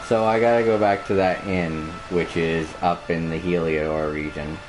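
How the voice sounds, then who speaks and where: A man's voice: low-pitched, fairly even intonation, normal speed, poor audio. A man casually commenting on a video game as he plays, chatty and laughing easily. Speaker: streamer playing a video game. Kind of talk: casual let's-play commentary. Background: game music.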